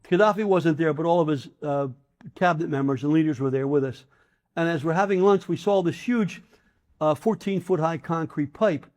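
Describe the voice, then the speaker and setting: A man's voice: on the high side, moderate pace, darkish tone. An older man, a former congressman, telling stories in an interview in an emphatic, indignant way.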